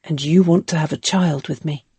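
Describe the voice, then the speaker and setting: A woman voicing a worried, tender male slave and lover from a historical novel, in a gentle reading tone. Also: deep voice, steady tone, normal speed, breathy edge, no echo, exaggerated voice. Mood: anxious.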